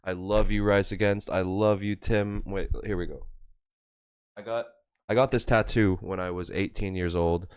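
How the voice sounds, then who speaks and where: Deep-voiced young man gushing quietly. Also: moderate pace, clear, resonant tone, dry recording, clean studio sound. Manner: excitable, gushing, peppered with "like"; keeping voice down, hushed asides. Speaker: music reaction host. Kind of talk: music reaction commentary. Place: room at home, early morning, neighbor behind wall.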